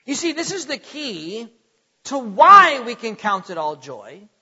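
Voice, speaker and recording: A man's voice: very high-pitched, very animated, a little slow, sharp tone, slightly rough. A middle-aged man preaching a sermon with emphatic, dramatic swings in volume and pace, recorded with dull lo-fi sound and a long hall reverb.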